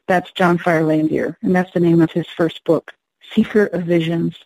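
Lower-voiced woman telling a story. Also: steady tone, darkish tone, no echo, rough recording. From Navajo Nation, US Southwest. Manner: unhurried, reflective anecdotal storytelling. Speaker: singer-songwriter. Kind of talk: storytelling introduction to a song.

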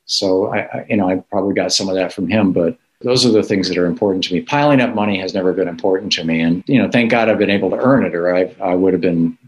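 An older man, a guest and author, telling stories in an animated conversational way and acting out the people he quotes. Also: low-pitched, fast talker, few pauses, rough recording. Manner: animated, acts out quoted voices. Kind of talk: conversational storytelling.

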